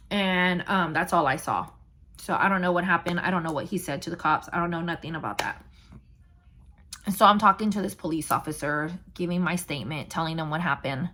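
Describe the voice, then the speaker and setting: A woman's voice: fairly low pitch, fairly bright tone. A young woman vlogger candidly retelling a painful personal story, blunt and emotional.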